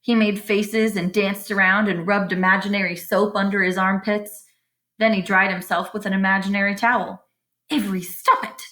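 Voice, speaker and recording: A woman's voice: mid-range voice, sharp tone. A woman reading a children's chapter book aloud with expression, stopping to explain the story to young listeners.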